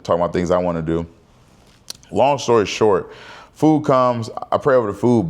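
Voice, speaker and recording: Man, 30s, very deep voice, casual vlog, candid, conversational, talking to camera. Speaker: vlogger.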